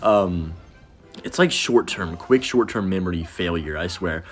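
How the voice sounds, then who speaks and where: A young man giving casual, rambling commentary over his own gameplay, self-deprecating and reacting quickly to each play. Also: low-pitched, expressive, faint music behind. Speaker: gaming commentator.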